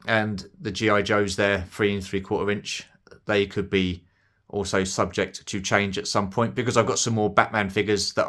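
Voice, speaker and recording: Low-voiced British man, casual and rambling. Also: a bit bright. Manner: self-deprecating, rambling with fillers. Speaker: toy collector vlogger. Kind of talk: casual unboxing commentary.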